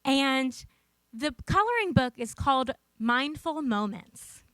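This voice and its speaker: A gentle Cajun grandmother in her eighties, as a woman puts her on, talking in a plain, unhurried, folksy way. The voice sits high and bright. It is recorded dry and close. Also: lively intonation, no room sound, heavily acted. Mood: content. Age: 80s.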